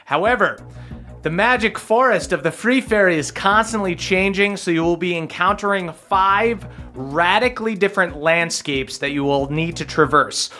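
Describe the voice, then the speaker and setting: A man's voice: high-pitched, normal speed, pushed and bright, faint music behind. A man narrating and explaining the rules as game master of a tabletop game, with fillers.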